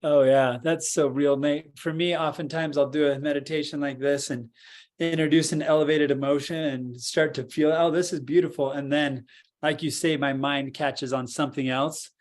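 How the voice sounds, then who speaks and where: A man co-hosting a podcast, guiding a meditation and then chatting calmly and reflectively. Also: fairly high pitch, normal speed. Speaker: podcast co-host. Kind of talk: guided meditation and casual talk.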